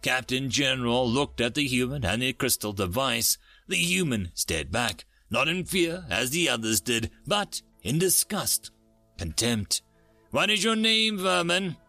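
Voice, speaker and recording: A man's voice: mid-range voice, animated, a little slow, pushed and bright, no room sound, soft background music. A man narrating a dramatic sci-fi story with varied emphasis.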